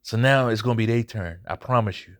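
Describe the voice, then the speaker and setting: A man's voice: lowish voice, fairly quick. Blunt, profane man ranting about a fight. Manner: blunt, profane, emphatic, repeats points for emphasis. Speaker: boxing commentary channel host. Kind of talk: casual fight recap rant.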